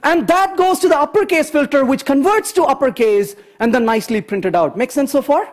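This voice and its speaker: A man giving a conference programming talk, chatty and animated, often checking in with the audience. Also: very high voice, a little fast. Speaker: conference speaker. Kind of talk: technical talk with anecdotes.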